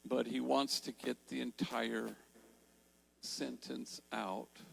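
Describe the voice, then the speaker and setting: An older man giving a storytelling talk in a large church, slowing down to stress key words. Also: medium pitch, little pitch movement, gravelly, breathy edge, low-quality recording. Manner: warm storytelling, slows for emphasis. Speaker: Jesuit priest and speaker.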